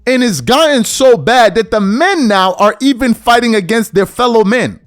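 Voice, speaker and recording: A man hosting a podcast, delivering an opinion rant and mocking others in high, whiny put-on voices. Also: lively intonation, moderate pace. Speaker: podcast host.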